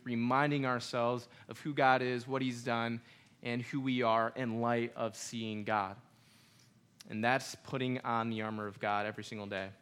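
A man's voice: medium pitch, fairly bright tone, clear, resonant tone. A young adult man preaching a sermon in a conversational way, with humor and asides to the congregation. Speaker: pastor.

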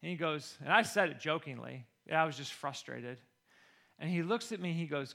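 Bright-voiced animated storytelling coach. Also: male voice, a little high, a little fast, vocal fry. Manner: animated, acts out the people he quotes. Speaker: football coach. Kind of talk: personal storytelling.

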